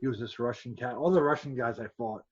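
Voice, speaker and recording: A man guest telling fight stories in a casual chat. He is an animated storyteller who restarts and repeats words. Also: medium pitch, fast, slightly rough. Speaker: kickboxer guest. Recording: dull lo-fi podcast sound.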